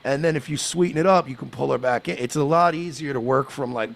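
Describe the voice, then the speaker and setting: A man's voice: medium pitch, quick pace, creaky. A man from the United States telling crude, boastful stories in casual chat, with frequent restarts.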